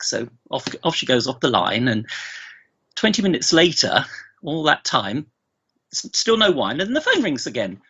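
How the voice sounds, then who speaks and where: A middle-aged man tells long family anecdotes, circling back and restarting his sentences as he goes. His voice has a gravelly edge and a bright, forward tone. He comes through a dull, lo-fi remote connection. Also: medium pitch, wildly swooping pitch, normal speed. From England. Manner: rambling anecdotal storyteller, frequent restarts. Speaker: guest, bereaved father. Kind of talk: remote podcast interview.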